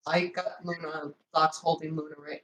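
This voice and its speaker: A player chatting quickly and animatedly during a tabletop game. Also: medium pitch, level tone, fairly bright tone, roomy sound, slight background noise, low-quality recording. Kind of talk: casual tabletop play.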